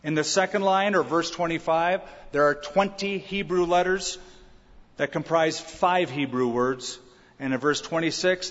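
Male pastor, emphatic teaching sermon, long church reverb. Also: a little high. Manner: emphatic, rhetorical questions to the congregation. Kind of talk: expository sermon. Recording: dull reverberant church sound.

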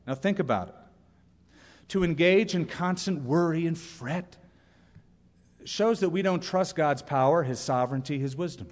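A man preaching a sermon as pastor, lively and humorous, reading out examples and scripture. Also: a little high, normal speed, pauses often. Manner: animated, reads quotes with humor. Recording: long reverb of a church hall.

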